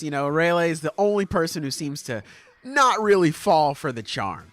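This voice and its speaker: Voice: mid-range voice, measured pace. A podcast co-host in casual chat, talking animatedly with lots of swearing and laughter. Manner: animated, profane, laughs a lot. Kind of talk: casual chat recapping comics.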